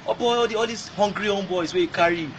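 A man's voice: sits high, quick pace, noisy background. A man from Nigeria with a Nigerian accent, ranting angrily in a video message, throwing insults and repeating himself while switching between Pidgin and English. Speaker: fan.

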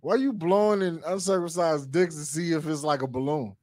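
A man's voice: a little high, darkish tone, no echo, clean studio sound. A man, co-hosting a podcast, telling stories and joking in casual chat. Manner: joking, storytelling, quick to laugh. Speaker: podcast co-host.

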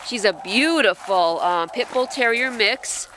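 A woman's voice: fairly high pitch, sing-song, measured pace, few pauses, bright, forceful tone, slight background noise. A woman presenting an adoptable dog, gushing and switching into baby talk to coo at the dog, laughing often. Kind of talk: casual show-and-tell to camera.

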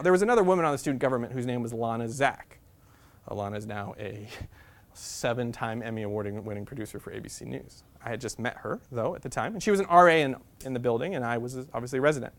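Fast, animated male storyteller. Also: mid-range voice. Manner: animated, laughing, chatty. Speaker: guest speaker. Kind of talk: humorous personal storytelling.

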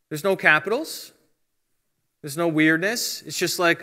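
A man's voice: on the high side, steady tone, measured pace, bright, forceful tone. A middle-aged man giving a casual Bible teaching talk, explaining step by step and reading out translations.

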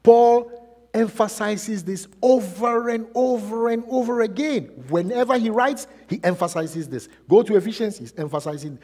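A man preaching a sermon as pastor, asking repeated rhetorical questions and swinging between loud and soft. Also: high voice, normal speed, breathy edge. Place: church. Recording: long church reverb.

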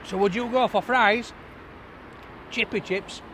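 A man with a high voice reviews food in a casual vlog, talking through a takeaway box outdoors with faint street noise behind him. He's cheerful and chatty, laughs often, and speaks slowly with fairly even intonation and a bright, forceful tone.

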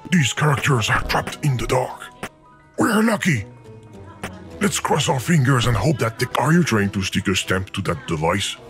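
A man's voice: mid-range voice, very animated, normal speed, a bit bright. A man voicing an exasperated male game narrator who scolds the player. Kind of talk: game voice acting. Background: game music.

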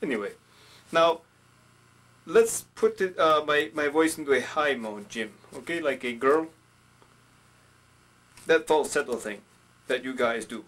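A man's voice: on the high side, animated, measured pace, pauses often, fairly bright tone. Chatty man teaching puppet voices. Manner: rambling, chatty, playful. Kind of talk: instructional puppet show.

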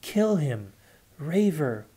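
A man's voice: lowish voice, flat delivery, takes it slowly. A man voicing a fierce young man full of rage and bitterness in an audiobook reading. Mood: enraged.

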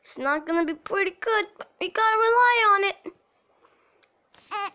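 High-voiced woman narrating her gameplay. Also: fairly quick, noisy background. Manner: excitable, talks to herself while playing, cheers at goals. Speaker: mobile game player. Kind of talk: casual gameplay commentary.

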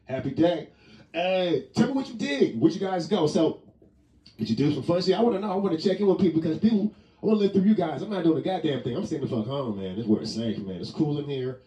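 A man's voice: on the high side, expressive, fast, warm tone. A man giving a casual comedic monologue from home, rambling, joking, laughing often and swearing casually. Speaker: vlogger. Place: indoors at home. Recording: roomy sound from a distant mic.

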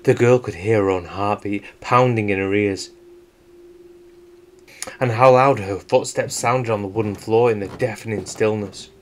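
A man telling a true-crime story as scripted narration, in a measured, suspenseful storytelling manner. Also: lowish voice. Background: faint guitar music.

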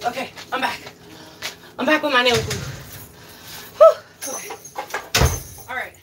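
A young woman chatting casually while she cooks for her vlog, loud, profane and dramatic, swinging between high outbursts and low mutters. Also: unhurried, very noisy. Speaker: vlogger. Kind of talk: casual cooking vlog chat.

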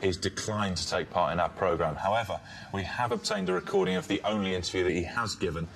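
A man narrating a documentary in a measured, sober scripted delivery. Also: sits low, lively intonation, creaky, a little hiss or hum. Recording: loud music bed underneath.

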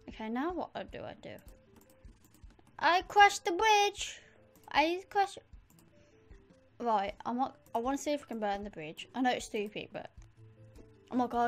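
A woman giving chatty let's play commentary, easily excited and talking straight to her viewers. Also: fairly high pitch. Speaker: gamer.

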